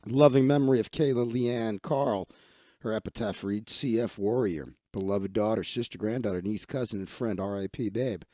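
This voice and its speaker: A man's voice: fairly low pitch, moderate pace, warm tone, no echo, clean studio sound. A man hosting a live stream, reading news stories aloud and ranting bluntly with heavy profanity.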